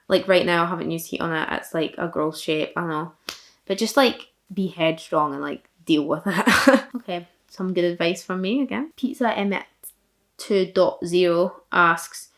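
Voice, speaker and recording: A young woman from Fife with a thick Fife Scottish accent, chatting casually while answering viewer questions in a vlog. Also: fairly low pitch. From Fife, Scotland. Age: young adult. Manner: chatty, self-deprecating, many likes and laughs.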